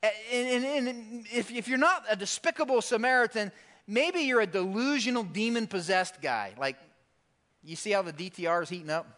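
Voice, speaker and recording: A man's voice: sits high, normal speed, fairly bright tone. A male pastor preaching a sermon in a conversational, emphatic way.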